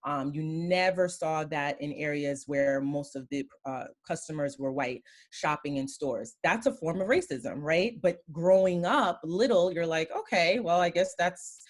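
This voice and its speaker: A woman from Queens in her thirties recounts her experiences as a guest, speaking in a notably low register. She tells her stories by acting out the exchanges in a casual conversational way. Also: measured pace, hardly any pauses. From Queens, New York. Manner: storytelling, acting out quoted exchanges.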